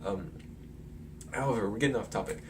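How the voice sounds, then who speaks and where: A man's voice: fairly low pitch, brisk. A man chatting casually through a movie analysis, rambling with lots of fillers and chuckles. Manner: rambling, filler-heavy, chuckles while talking. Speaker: film commentary vlogger. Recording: distant mic with faint noise.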